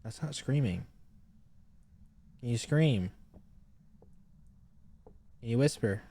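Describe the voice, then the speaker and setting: A man's voice: mid-range voice, lively intonation, slow pace, warm tone, husky. A man streaming a game live, chatting casually, calling out to the ghost and grumbling about game updates. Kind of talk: casual live gameplay commentary.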